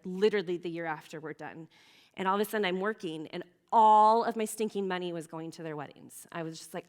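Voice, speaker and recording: A woman in her thirties speaking to teenage girls at a youth gathering, sharing her own story in an earnest, chatty way, full of fillers and restarts and close to tears at times. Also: medium pitch. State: emotional. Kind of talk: personal testimony talk.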